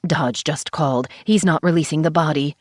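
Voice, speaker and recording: A woman voicing a husky, bawdy middle-aged woman who runs a funeral home, drawling and teasing in an audiobook. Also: sits low, normal speed, no room sound, studio quality. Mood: sly teasing. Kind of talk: audiobook character voice.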